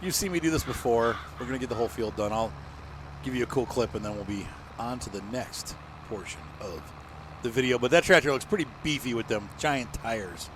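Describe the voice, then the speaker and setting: A man's voice: medium pitch, expressive, a little fast, background noise. A man giving casual, self-mocking commentary over a farming game, chatting and muttering to himself. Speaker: gameplay commentator.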